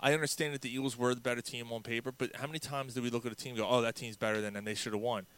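Smooth-voiced man telling a story. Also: mid-range voice, steady tone, very fast, a bit bright. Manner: storytelling, profane, acts out quotes. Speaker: podcast co-host. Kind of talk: casual sports chat.

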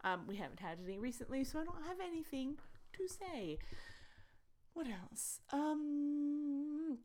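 A woman's voice: high-pitched, very animated, a little slow, darkish tone, slight background noise. A woman hosting a tabletop role-play podcast as its game master, chatting casually through announcements with many fillers and restarts, eager and pleading with her listeners for support.

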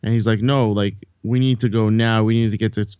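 A man's voice: on the low side, steady tone, fairly quick, darkish tone, smooth, dry recording, highs cut off. A man recapping a movie in a casual podcast chat, rambling and swearing freely while acting out the characters' lines.

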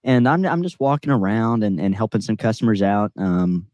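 A man's voice: fairly low pitch, moderate pace, darkish tone, no room sound, lo-fi sound. A man hosting a podcast, casually telling rambling, self-deprecating stories. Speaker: podcast host. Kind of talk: casual chat.

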